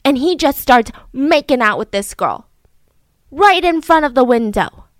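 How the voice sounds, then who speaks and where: Woman, true crime storyteller, chatty and animated, slightly high voice, dry close sound. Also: measured pace, dry recording. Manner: chatty, animated, acts out quotes.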